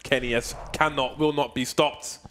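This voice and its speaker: A man doing playful, joking esports color commentary that builds to excited calls. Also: medium pitch, moderate pace, slight background noise.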